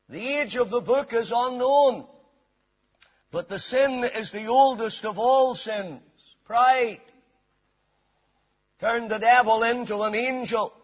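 Preacher guy, husky high voice, slow and deliberate, muffled lo-fi recording. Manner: reads scripture aloud and expounds it, with slow emphatic delivery. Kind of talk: sermon. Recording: dull lo-fi sound in a reverberant hall.

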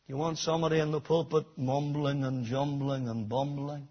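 A man preaching a sermon, dropping to low quiet stretches and then rising to loud shouted emphasis. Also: flat delivery, moderate pace, hardly any pauses, husky, muffled recording.

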